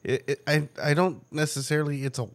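A man co-hosting a podcast in casual chat, profane and laughing often, breaking into quick mocking impressions. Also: fairly high pitch, steady tone. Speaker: podcast co-host.

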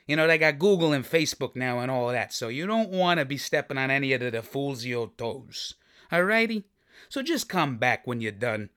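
A man plays a swaggering tough-guy football podcaster in his forties, pushy and boastful, with veiled menace in his asides. His medium-pitched voice swoops up and down with lively, animated inflection as he jokes and bullies his listeners. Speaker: fantasy football podcast host. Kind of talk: comic character monologue. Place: recording studio.

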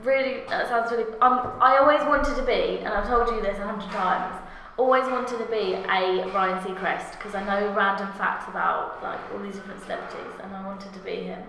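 A woman's voice: medium pitch, fairly even intonation, normal speed, gravelly, fairly bright tone, slight background noise. A woman in a casual group chat, gossipy and upbeat. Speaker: podcast guest. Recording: echoey room.

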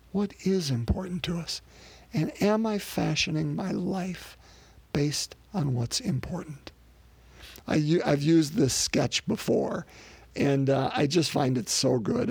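A man's voice: a little high, vocal fry, darkish tone, husky, dry recording. A man preaching a sermon as a pastor, in a conversational way that repeats words and speaks straight to the congregation.

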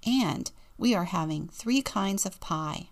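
Woman voicing an older boy, matter-of-fact, reassuring, slow, gravelly, storybook. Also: fairly low pitch, lively intonation. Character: sensible older boy, big brother.

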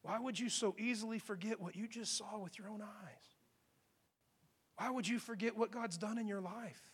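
A man preaching, voicing a gentle, compassionate teacher who reassures his friends in a soft, hushed voice. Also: high-pitched, moderate pace, slightly rough. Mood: gentle reassuring. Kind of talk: acted quote in a sermon.

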